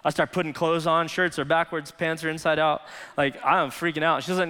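A pastor with a fairly high man's voice, preaching in a relaxed, conversational storytelling way. His words ring out with a long reverb through a church hall. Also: fairly quick, clear, resonant tone. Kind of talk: sermon.

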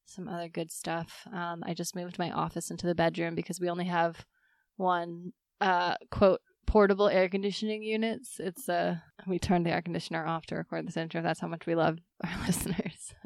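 A woman's voice: on the low side, little pitch movement, brisk, vocal fry, no room sound, studio quality. A woman co-hosting a casual podcast, chatty and giggly, with lots of fillers. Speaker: podcast co-host. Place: home office in summer heat.

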